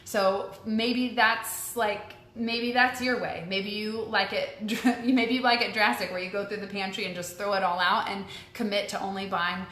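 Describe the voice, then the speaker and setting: A woman's voice: medium pitch, fairly even intonation, moderate pace, few pauses, fairly bright tone. Chatty young woman, echoey room. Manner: chatty, upbeat, frequent ums and likes. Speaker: host answering viewer questions. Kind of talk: casual live-stream chat. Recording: echoey room with faint ambience.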